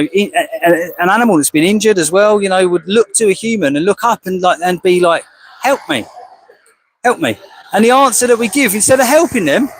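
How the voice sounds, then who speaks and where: A man's voice: on the high side, fairly bright tone, dry recording, poor audio. An English man speaking outdoors as an animal rights activist, combative and rhetorical, firing questions and calling people "mate". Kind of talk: heated confrontational monologue. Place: outdoors outside a slaughterhouse.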